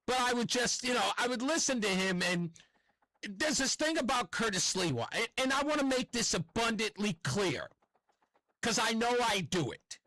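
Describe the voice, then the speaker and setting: Talk radio host, man, New York accent, high bright voice, lively and rambling, dry studio sound. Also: moderate pace, dry recording, low-quality recording. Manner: animated, rambling, self-correcting. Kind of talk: opinionated talk radio monologue.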